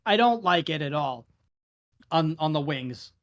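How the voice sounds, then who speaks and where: Man, higher voice, casual podcast chat, acts out stories. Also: a little slow. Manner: animated storytelling, acts out quoted exchanges. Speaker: podcast co-host.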